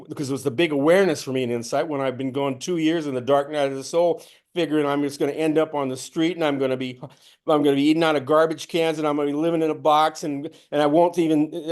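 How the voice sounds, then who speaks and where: Male spiritual teacher, fairly high voice, storytelling talk that voices his own inner dialogue. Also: darkish tone.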